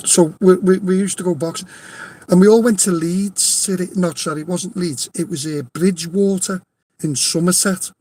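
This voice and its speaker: A man's voice: high voice, fairly even intonation, moderate pace, warm tone. A man with a Liverpool accent telling a rowdy anecdote in casual chat, swearing freely, laughing often and insisting it is true. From Liverpool, England. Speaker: storyteller.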